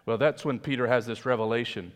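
A man's voice: mid-range voice, steady tone, quick pace. Man preaching in a reverberant hall. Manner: conversational preaching, rhetorical questions. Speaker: pastor. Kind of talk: sermon.

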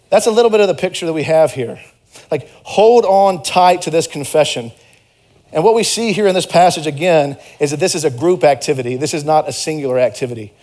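In the church sanctuary, a young man serving as pastor delivers a sermon. His earnest, conversational delivery blends anecdotes from his own life with emphatic exhortations, in a slightly mellow voice pitched on the high side.

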